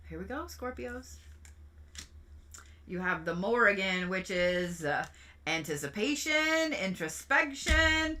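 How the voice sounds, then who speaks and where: Bright-voiced woman giving readings. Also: medium pitch, expressive, slow pace, slight background noise. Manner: chatty, playful, swears and giggles. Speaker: reiki practitioner and tarot reader. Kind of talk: casual livestream zodiac reading.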